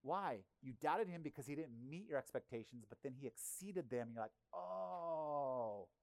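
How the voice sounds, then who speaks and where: A male pastor preaching a sermon in a conversational, animated way, often acting out quotes. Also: medium pitch, brisk, no room sound.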